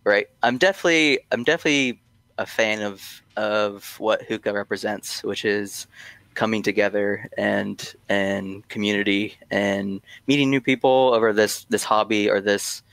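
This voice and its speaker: A man's voice: on the low side, steady tone, normal speed, gravelly, a bit bright, dry recording. A man guesting on a podcast, talking casually and hesitantly with many ums and restarts. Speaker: guest from a tobacco brand.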